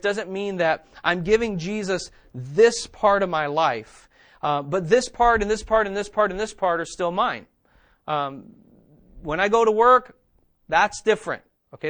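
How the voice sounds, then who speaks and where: A man's voice: sits high, fairly bright tone. Man preaching with a conversational, repeating style. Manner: conversational preaching, repeats phrases for emphasis, asks "okay?" and "right?". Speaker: pastor. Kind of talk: sermon.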